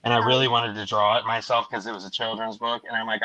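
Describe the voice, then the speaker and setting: Bright-voiced man telling animated stories. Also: lowish voice, quick pace, low-quality recording. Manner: animated storyteller, acts out quotes. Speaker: livestream host. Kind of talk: casual chat.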